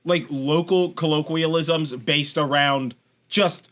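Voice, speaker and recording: A man's voice: a little high, fairly even intonation, slow, fairly bright tone. A man with a Californian accent co-hosting a podcast, chatting casually in a rambling way, swearing now and then and laughing often. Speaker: podcast co-host. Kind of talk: casual chat.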